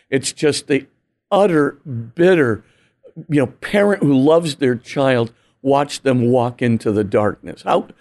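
A man's voice: on the high side, a little mellow. A man, a priest, explaining earnestly and emphatically in an interview, full of "you know" and "right?" asides. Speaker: priest and guest author. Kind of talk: animated teaching talk in an interview.

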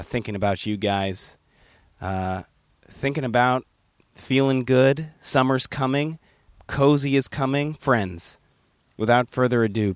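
A man's voice: medium pitch, clear, resonant tone, no echo. A man hosting a casual interview in an artist studio, earnest and affectionate. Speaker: podcast host.

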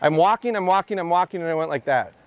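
A man who is a dog trainer giving an energetic, repetitive talk at a live training seminar outdoors. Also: a little high, quick pace, no echo. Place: outdoor expo training area.

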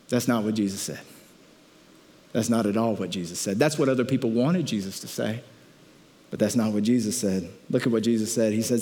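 A man preaching a sermon, telling a story with animated delivery and acting out the crowd's voices. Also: on the low side, a little fast. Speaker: pastor.

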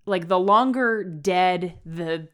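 A woman's voice: fairly low pitch, slow pace, clean tone. A woman co-hosting a podcast, chatting casually about a horror novel with dry asides and laughter. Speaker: podcast co-host. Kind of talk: casual book discussion.

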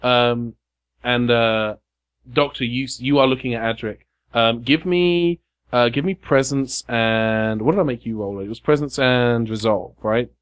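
Halting male game master narrating. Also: medium pitch, clean tone. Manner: halting, searching narration with restarts. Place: game shop.

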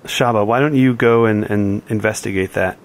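A man's voice: lowish voice, fairly even intonation, moderate pace, gravelly. Easygoing, hesitant man player. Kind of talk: casual tabletop role-play chat.

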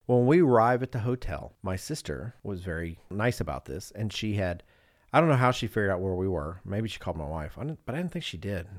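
A man with a fairly low voice tells a rambling travel story on a podcast. He jumps into little impressions of the people he met. The sound is dry and close, with no room around him. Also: big pitch swings, fairly quick, no echo. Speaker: podcast co-host. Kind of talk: casual storytelling chat.

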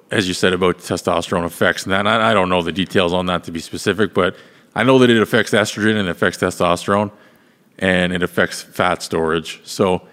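A man's voice: deep voice, a bit bright. A man hosting a podcast, talking casually and at length, rambling and swearing as he explains things. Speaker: podcast host. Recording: long hall reverb.

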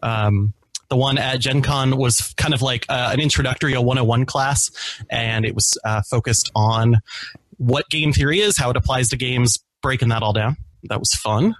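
An easygoing man chats as a podcast guest at an ordinary middle pitch. He laughs often and pauses with "uh" and "um" while he searches for the right word. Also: dry recording. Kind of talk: casual podcast chat.

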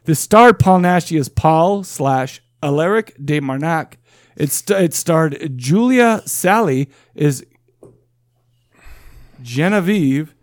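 A man's voice: a little high, expressive, slow pace, dry recording, clean studio sound. A man co-hosting a podcast in casual chat, rambling and joking with frequent laughs. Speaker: podcast co-host.

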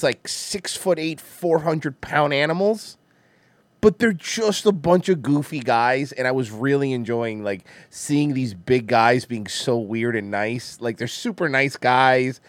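A man's voice: mid-range voice, a little slow, dry recording. A man co-hosting a podcast in casual chat, rambling, swearing freely and laughing often. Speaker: podcast co-host.

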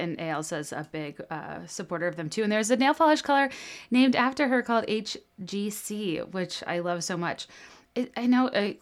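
A woman hosting a podcast, chatty and self-deprecating, reading an ad in her own casual way. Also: lowish voice. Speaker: podcast host. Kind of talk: podcast chat and host-read ad.

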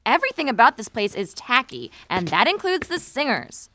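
A spoiled cartoon reptile pop star who sneers at everything around her, as a woman voices her. Her voice sits high and swings widely as she complains. A clear hiss of noise runs under the recording. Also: wildly swooping pitch, moderate pace, pushed and bright, heavily acted. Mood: haughty. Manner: haughty, complaining. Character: snobby demanding female reptile pop diva. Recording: noisy recording.

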